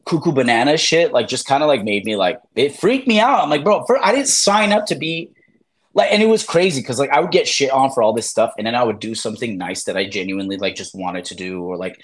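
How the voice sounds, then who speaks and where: A man in his thirties, a former reality show contestant raised by immigrant parents, chats casually as an interview guest. His mid-range voice is expressive and quick with hardly any pauses, and he rambles profanely, full of fillers and acted-out quotes.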